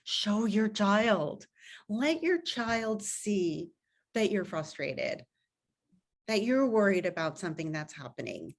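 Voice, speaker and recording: A woman's voice: medium pitch, very animated, slow, vocal fry. A middle-aged woman, a parenting author and coach, giving earnest advice over a video call and acting out what a parent might say. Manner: earnest, acts out parent and child quotes.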